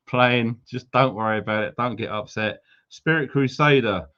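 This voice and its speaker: A man's voice: medium pitch, measured pace, pushed and bright, highs cut off. A man hosting a casual livestream, greeting viewers with jokey, teasing banter. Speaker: livestream host.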